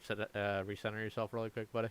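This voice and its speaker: A man's voice: lowish voice, little pitch movement, fast talker, a little hiss or hum. A man running a live tabletop game as game master, chatting casually with players and swearing often. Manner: casual, profane, laughing asides to players. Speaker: dungeon master.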